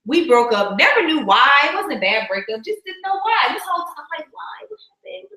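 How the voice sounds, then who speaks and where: A woman hosting a casual faith talk, telling stories with lively acted-out quotes. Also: sits high, brisk, echoey room, poor audio. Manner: animated storyteller, acts out quotes. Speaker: host.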